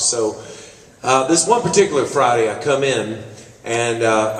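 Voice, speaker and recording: A singer-songwriter telling an easygoing, rambling story on stage between songs. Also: male voice, mid-range voice. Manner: easygoing, rambling, with fillers and restarts. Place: college concert hall. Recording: echoey hall, mic far off.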